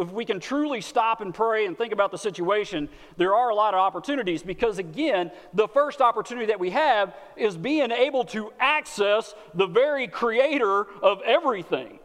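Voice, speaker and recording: Texan guy preaching, kinda high voice, folksy and earnest, long echo off the church hall. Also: fairly bright tone. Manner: folksy, earnest, repeats words as he talks. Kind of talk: sermon.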